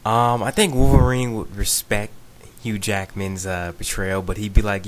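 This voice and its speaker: A man's voice: on the low side, fairly even intonation, moderate pace. A man giving a rambling, casual video response, full of ums and "you know what I'm saying". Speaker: video blogger.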